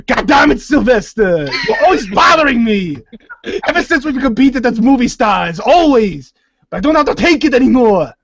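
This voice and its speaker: A man's voice: extremely high pitch, sing-song, moderate pace, dull audio, background noise, full character voice. A man putting on an impression of a pompous, easily riled bodybuilder-actor governor, with a stiff heavy delivery. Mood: indignant.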